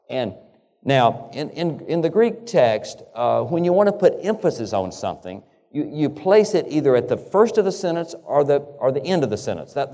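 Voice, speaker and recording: A man's voice: mid-range voice, dark tone, in a large hall. A man preaching a sermon, often restarting and repeating words and asking his listeners rhetorical questions. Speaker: pastor.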